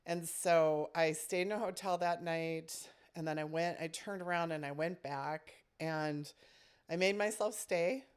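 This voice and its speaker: A woman's voice: sits low, a little slow, clean tone. A woman who directs a summer camp, telling a personal story in casual podcast chat, reflective and full of "you know" fillers.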